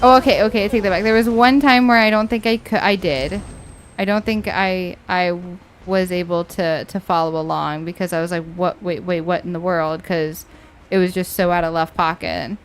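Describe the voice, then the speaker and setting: Giggly, animated woman streaming a game. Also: lowish voice, slight background noise. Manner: animated, giggly, quick to tease. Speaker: streamer playing a video game. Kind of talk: casual gameplay chat.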